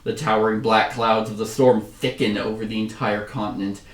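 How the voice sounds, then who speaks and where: A man's voice: lowish voice, flat delivery, moderate pace, far from the mic. Male board game host, casual and joking, reading story text aloud, echoey room, off-mic. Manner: joking, laughs at his own reading. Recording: roomy sound from away from the mic.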